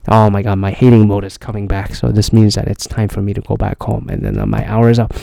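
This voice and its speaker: Gravelly, profane podcast host. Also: male voice, fairly low pitch, animated, fast, dark tone, dry recording. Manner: rambling, profane, blunt. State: talking quietly. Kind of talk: casual solo podcast monologue. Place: hotel room.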